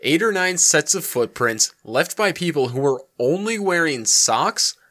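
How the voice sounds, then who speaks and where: A man's voice: fairly high pitch, lively intonation, unhurried, sharp tone. A man hosting a casual podcast, reading out a mystery story and swearing freely between the joking banter. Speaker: podcast host telling the story.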